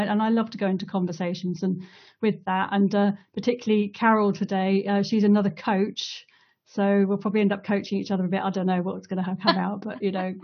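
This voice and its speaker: A woman's voice: medium pitch, highs cut off. Chatty woman hosting a call. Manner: chatty, relaxed, filler-heavy and welcoming. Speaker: coach and community host. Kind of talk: casual hosted online conversation.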